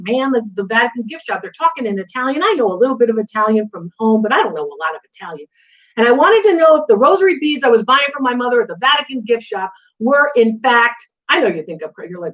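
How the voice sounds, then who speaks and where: Chatty, high-voiced woman host. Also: a little fast, rough recording. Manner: chatty storyteller, animated, many asides. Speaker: antiques appraiser hosting a live Q&A. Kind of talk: casual live-stream chat.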